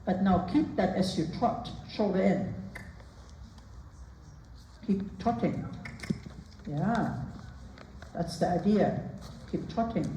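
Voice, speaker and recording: A woman giving a riding lesson, calling brisk, repeated commands and counting out the rider's strides. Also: mid-range voice, background noise. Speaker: riding instructor. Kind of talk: live coaching during a riding lesson. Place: riding arena. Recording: roomy, distant sound with faint ambience.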